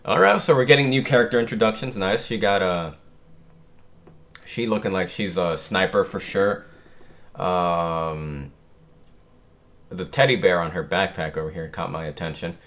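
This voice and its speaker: A man hosting a casual manga chapter reaction, reading the panels aloud and reacting with lively excitement. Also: low-pitched, normal speed, long pauses. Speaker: channel host.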